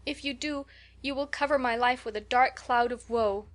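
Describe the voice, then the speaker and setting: A woman reading aloud and voicing an excitable, dramatic orphan girl who pleads in high-flown words. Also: normal speed, lightly acted. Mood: pleading.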